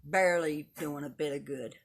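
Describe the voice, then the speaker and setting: A woman's voice: sits low, normal speed, breathy edge. A woman in her seventies from Texas, chatting casually with livestream viewers in a blunt, opinionated way and swearing freely. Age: 70s. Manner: blunt, opinionated and profane, talking straight to viewers. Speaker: livestream host. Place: at home and in her yard.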